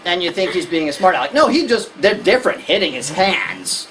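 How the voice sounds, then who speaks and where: A woman's voice: fairly quick, few pauses. A woman gives a lecture to parents, her voice leaping up and down as she acts out children and exasperated parents. She is picked up by a camera from across the hall, with a faint hiss of room sound behind her. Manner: animated, acts out kids and parents in high voices.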